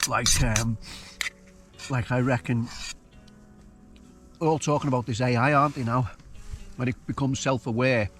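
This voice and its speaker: A man's voice: mid-range voice, steady tone, normal speed, long pauses, fairly bright tone, faint music behind. A man chatting and musing aloud while he cooks and camps alone on a hilltop. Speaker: outdoor vlogger. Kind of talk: casual solo camping vlog. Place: hilltop wild camp outdoors.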